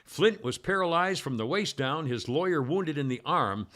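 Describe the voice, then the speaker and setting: Brief: male talk radio host, bright tone, a bit high, rambling delivery with many fillers. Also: lively intonation, normal speed. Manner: rambling, hesitant with many uhs and restarts. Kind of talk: casual talk radio, reading this-day-in-history items.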